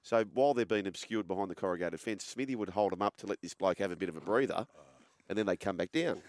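A man hosting a casual sports chat, telling an animated yarn. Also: sits low, quick pace, no room sound.

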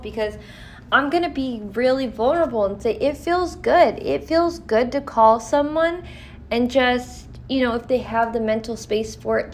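A woman talks to her viewers in a loose, candid way, full of swearing and fillers like "you know". Her voice has a gravelly rasp at the bottom of her words. Now and then she reads a passage aloud from a list, over a faint background hiss. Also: on the high side. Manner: profane, candid, filler-heavy. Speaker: vlogger. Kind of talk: casual talk mixed with reading aloud.

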